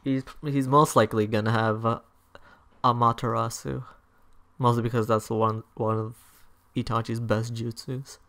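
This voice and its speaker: A young man commentating his own online match, swearing and yelling in angry outbursts at his opponent. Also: mid-range voice, flat delivery, moderate pace, gravelly. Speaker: gaming YouTuber. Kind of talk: live gameplay commentary.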